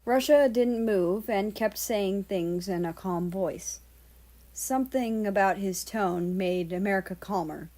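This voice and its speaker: A woman reading a fan-fiction story aloud as narrator, in a steady storytelling delivery. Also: mid-range voice, measured pace. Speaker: fan-fiction audiobook reader. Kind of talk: scripted narration.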